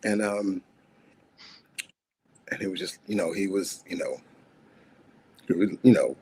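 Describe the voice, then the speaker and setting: Grieving man with a husky voice. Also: deep voice, expressive, a little slow, pauses often, mellow. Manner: raw and emotional, swinging between laughter and anger. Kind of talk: livestream talk show conversation.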